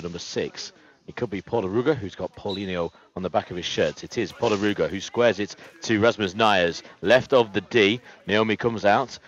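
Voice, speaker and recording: Low-voiced male sports commentator, lo-fi. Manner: steady, detailed play-by-play with frequent "uh" fillers. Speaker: play-by-play commentator. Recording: lo-fi, muffled sound.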